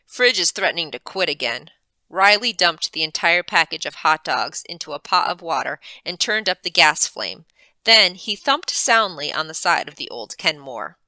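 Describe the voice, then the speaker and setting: A librarian reading a chapter aloud with expressive, animated narration, close to the mic. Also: female voice, on the low side, moderate pace, no echo. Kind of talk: storybook read-aloud.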